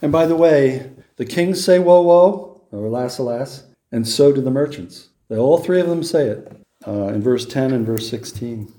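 Mellow-voiced pastor teaching from scripture. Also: male voice, mid-range voice, moderate pace, roomy sound. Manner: conversational teaching with rhetorical questions and restarts; reads scripture aloud with rising emphasis. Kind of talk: expository sermon with scripture reading.

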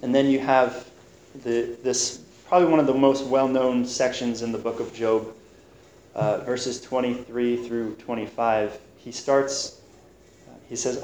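A man preaches a sermon on scripture with a medium-pitched voice. He talks earnestly, stumbling and restarting as he goes. The recording is roomy and echoey, with a faint hum of noise behind him. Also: steady tone, a little mellow. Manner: earnest, halting, with frequent restarts.

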